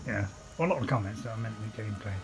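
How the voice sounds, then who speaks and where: A man's voice: lowish voice, animated, fast, over music, rough recording. Chatty British man narrating gameplay. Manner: chatty, joking, self-mocking, laughs often. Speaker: gaming video host. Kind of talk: let's-play commentary. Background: dog barking nearby.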